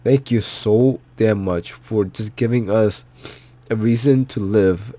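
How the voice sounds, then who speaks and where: A man's voice: deep voice, a little mellow. A man giving an emotional, heartfelt movie reaction, choked up and near tears, repeating himself and swearing. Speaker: vlogger.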